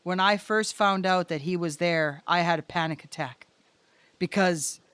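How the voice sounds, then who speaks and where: Expressive middle-aged woman, dry close sound. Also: lowish voice, a little slow, smooth, dry recording. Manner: expressive, excitable, swears freely. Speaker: guest, muralist. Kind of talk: casual storytelling.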